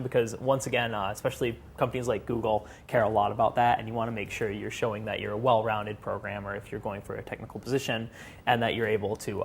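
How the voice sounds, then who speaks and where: A man's voice: medium pitch, gravelly, breathy edge. A young man presenting an informal seminar talk in a chatty way, with many fillers and laughing at his own jokes. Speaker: student presenter.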